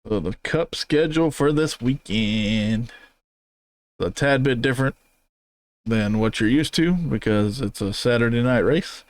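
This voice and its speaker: Relaxed, dry-sounding podcast host, man. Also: mid-range voice, dry recording. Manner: relaxed, rambling, laughs easily. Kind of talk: casual chat reviewing race car paint schemes.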